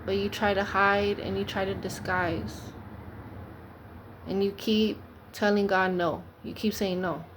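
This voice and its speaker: Earnest pleading woman, flat delivery. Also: medium pitch, a little slow, noisy background. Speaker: preacher. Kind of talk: informal preaching monologue.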